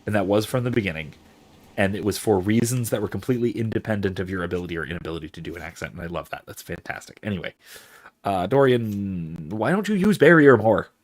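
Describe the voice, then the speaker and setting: A man's voice: sits low, fast talker, darkish tone. A man casually commenting while playing a fantasy game, reading viewer messages aloud and musing over skill choices. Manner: chatty, reads chat aloud, muses over skills. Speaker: game streamer.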